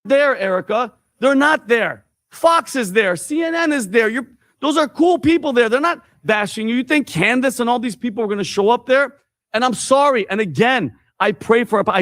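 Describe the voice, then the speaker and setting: A man's voice: very high-pitched, fairly bright tone, no room sound, clean studio sound. A man on a panel in a played clip, giving his opinion bluntly and insistently.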